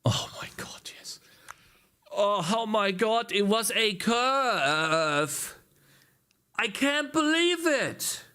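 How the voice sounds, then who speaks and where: His voice is high, bright, and pushed yet clean in tone, with lively intonation and a very slow pace. He's a man building a game and talking to himself during a casual coding livestream, frustrated, cursing, and hoarse from screaming.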